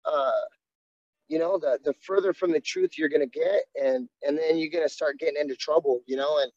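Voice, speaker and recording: A man's voice: on the high side, lively intonation, fairly quick, a little mellow, dry recording. A man, a jiu-jitsu coach, talking candidly and earnestly in a casual interview, often restarting his sentences. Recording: dull, dry sound.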